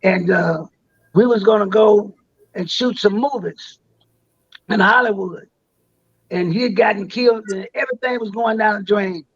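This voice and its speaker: High-voiced older man telling old stories. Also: normal speed, pauses often, breathy edge, no echo, lo-fi sound. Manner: rambling, repeats and restarts words. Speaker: interview guest. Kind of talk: storytelling in a live interview.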